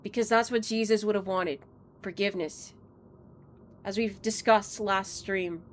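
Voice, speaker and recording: A woman's voice: mid-range voice, fairly even intonation, unhurried, faint music behind. A woman streaming a game, rambling and joking as she plays, swearing freely and laughing often. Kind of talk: casual live-stream commentary while playing.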